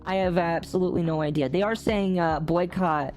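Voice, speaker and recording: Animated ranting woman streamer. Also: brisk, soft background music. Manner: animated ranting with big pitch jumps and laughter. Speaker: gaming streamer. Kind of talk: casual livestream chat.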